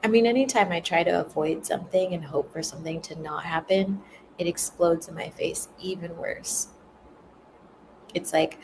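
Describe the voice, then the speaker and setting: A woman's voice: lowish voice, moderate pace, a little mellow, slight background noise, poor audio. A woman chatting casually and rambling on a livestream, laughing often as she tells stories. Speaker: spiritual content creator.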